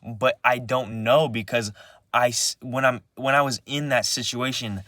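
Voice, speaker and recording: A man's voice: medium pitch, a little slow, bright, forceful tone, no echo, studio quality. A young man speaking in a personal confessional vlog, agitated and rambling, swearing often and restarting his sentences again and again.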